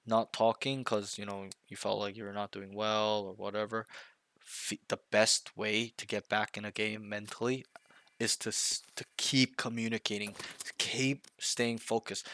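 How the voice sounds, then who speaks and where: A man coaching a player one on one, blunt and intense, pressing his points and swearing now and then. His voice sits a little low but has a bright, forceful edge. The sound is dry and close, with no room around it. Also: no echo. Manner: repeats himself, checks in with okay and right. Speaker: game coach.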